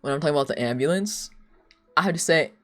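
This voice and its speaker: A woman's voice: low-pitched, lively intonation, fast talker, fairly bright tone. A young woman streaming live, chatting casually in a rambling, giggly way with lots of filler words. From United States.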